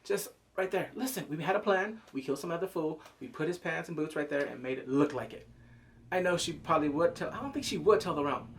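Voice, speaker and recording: A man reviewing a TV episode in excited casual commentary, cursing freely, breaking into loud exclamations and quick character impressions. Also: fairly high pitch, slight background noise. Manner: animated, profane, jumps into loud exclamations; mimics characters in quick asides.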